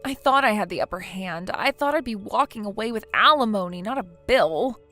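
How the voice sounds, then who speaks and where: A woman's voice: medium pitch, expressive, fairly quick, pushed and bright, faint music behind. A woman voicing a self-pitying young wife in a text-message story, pleading and defensive.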